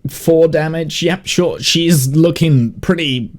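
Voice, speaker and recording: Give me a man as game master, relaxed and unhurried, slightly higher voice. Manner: relaxed, hesitant, many fillers. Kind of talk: narrating a tabletop game.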